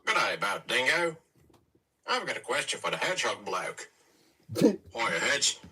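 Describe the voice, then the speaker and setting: A man's voice: mid-range voice, big pitch swings, unhurried, pushed and bright, slightly rough, far from the mic, heavily acted, low-quality recording. A man voicing a crude, blokey Australian man who talks in matey slang and throws cheerful insults. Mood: cheeky.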